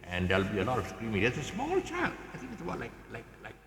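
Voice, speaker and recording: A man's voice: mid-range voice, wildly swooping pitch, fast talker, fairly bright tone, reverberant, in a large hall, a little hiss or hum. A man with a Malaysian English accent giving a casual guitar tutorial, rambling with many fillers and restarts and chuckling often, recorded outdoors. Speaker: guitar teacher. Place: outdoors, in the open.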